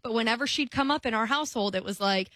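A young woman chats casually as a podcast co-host, her voice bright and fairly high. She talks freely and acts out the people she quotes. The sound is close and dry. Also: quick pace, no room sound. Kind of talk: casual chat.

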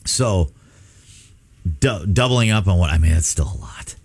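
Husky man rambling in casual chat. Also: sits low, measured pace, no echo. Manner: rambling, animated storytelling. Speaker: radio co-host.

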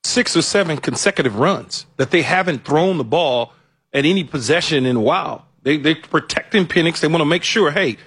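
A man's voice: a little high, animated, a little fast, fairly bright tone, husky, no room sound. A man co-hosting a live sports betting broadcast, talking emphatically and repeating himself as he breaks down the game. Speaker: sports betting show co-host.

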